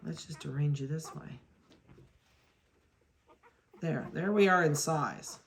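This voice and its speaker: A woman's voice: low-pitched, slow pace, vocal fry, slight background noise. A woman dog breeder giving a chatty running commentary while handling puppies, talking to them and laughing at her own mix-ups. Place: indoors at a kennel.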